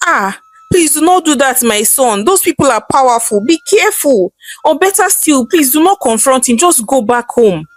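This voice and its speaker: A woman's voice: mid-range voice, measured pace, no room sound, faint music behind, lightly acted. A woman voicing an older village mother who pleads and wails for her son in a told folktale. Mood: pleading.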